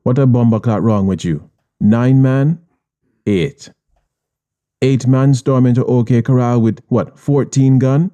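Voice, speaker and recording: A man's voice: medium pitch, a little slow, dark tone, natural voice. A man voicing an arrogant Jamaican Syrian boss who berates and sneers with constant swearing, in an audiobook. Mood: berating. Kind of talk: audiobook character voice.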